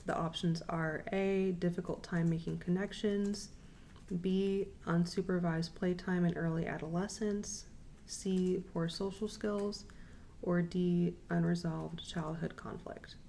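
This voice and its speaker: Young woman student presenter, low gravelly voice, slow repeated quiz readout, faint room noise. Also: steady tone, warm tone. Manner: measured, repeats questions and options slowly, frequent ums. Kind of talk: recorded class presentation with quiz questions.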